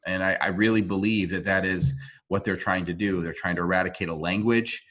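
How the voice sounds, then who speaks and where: Low-voiced man, remote interview guest, earnest and halting, speaks over a video call. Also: fairly even intonation, a bit bright. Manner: earnest, halting, with frequent restarts.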